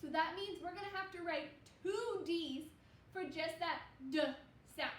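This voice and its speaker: A young woman teaching second graders phonics in a slow, sing-song way, sounding out words for the children. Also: very high voice, reverberant, far from the mic, a little hiss or hum.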